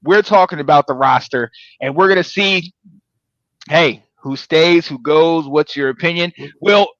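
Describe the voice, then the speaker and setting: A man hosting a casual sports talk show, energetic and rambling, his voice jumping up when excited. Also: on the high side, unhurried, dry recording, muffled recording. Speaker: podcast host.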